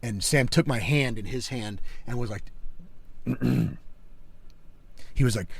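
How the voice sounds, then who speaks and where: A man's voice: mid-range voice, normal speed, gravelly, pauses often, breathy edge. A man co-hosting a podcast, telling a personal story in casual chat, emphatic and peppered with "like" and "dude". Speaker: podcast co-host.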